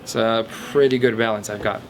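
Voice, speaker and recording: A man's voice: lowish voice, fairly even intonation, a little fast, noisy background. A man in his twenties from a Portuguese family background, a comedian speaking candidly in a documentary interview, rambling with frequent restarts. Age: 20s.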